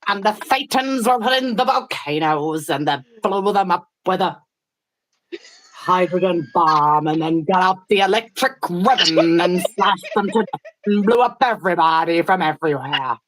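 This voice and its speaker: Lady putting on a pompous old guy droning slow and solemn, lower than her usual voice. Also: animated, slight background noise, close to an everyday voice, rough recording. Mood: grandiose. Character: slow grandiose older man lecturing.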